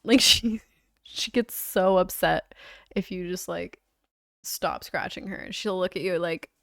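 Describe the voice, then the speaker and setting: A woman's voice: on the low side, slow pace, creaky, dry recording, clean studio sound. A young woman streamer chatting casually and relaxedly, with lots of "like" fillers. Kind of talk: casual livestream chat.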